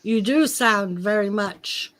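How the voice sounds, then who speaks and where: A woman's voice: medium pitch, slow, a bit bright. A woman co-hosting a casual chat show, teasing her guests and laughing often. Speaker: co-host.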